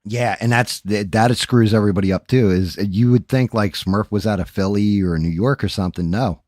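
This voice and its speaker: A man's voice: lowish voice, moderate pace, darkish tone, no echo, clean studio sound. A man hosting a casual livestream, talking in a profane, rambling, off-hand way. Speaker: streamer and host. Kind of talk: casual livestream chat while painting.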